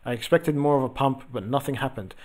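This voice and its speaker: A young man in casual host mode, riffing on trading charts and answering viewers. His voice sits at an everyday middle pitch, and he keeps it loose, with frequent ums and uhs as he thinks aloud. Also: fast talker. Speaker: host of a crypto trading channel. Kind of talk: casual chart commentary, reading viewer messages.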